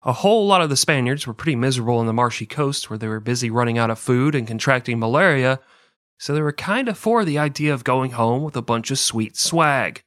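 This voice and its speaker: A man's voice: medium pitch, a bit bright, no echo. Podcast host guy telling history, laid back, swears a lot, dry close sound. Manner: profane, wry, laid-back storytelling. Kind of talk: comedic history narration.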